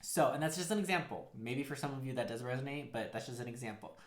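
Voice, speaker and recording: A man's voice: mid-range voice, fast, roomy sound. A man giving a casual, rambling tarot card reading, full of fillers and acted-out quotes. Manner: rambling, heavy use of "like", acts out quotes. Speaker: tarot reader.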